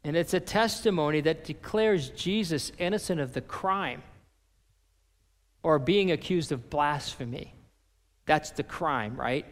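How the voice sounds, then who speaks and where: A man preaching a sermon as a pastor, reading and paraphrasing scripture with animated emphasis. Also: on the high side, measured pace, in a large hall.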